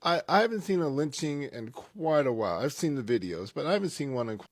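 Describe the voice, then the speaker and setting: A man's voice: a little high, very animated, quick pace. A man commenting on a video clip in a sarcastic, mocking tone.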